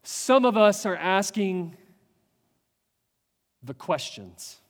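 High-voiced male pastor preaching. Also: big pitch swings, big-room sound. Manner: earnest, builds with rhetorical questions and pauses. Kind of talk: sermon.

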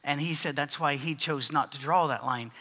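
A man's voice: fairly high pitch, moderate pace, pushed and bright, in a large hall. A man preaching and answering written questions from the audience, in a conversational storytelling way with fillers and restarts.

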